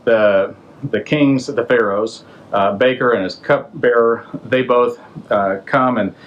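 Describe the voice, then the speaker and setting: A man's voice: medium pitch, slow pace, dull audio. Male podcast host, mid-range voice, casual slangy storyteller. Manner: conversational, loose, slangy, asks the listener questions. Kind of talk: casual retelling of a Bible story.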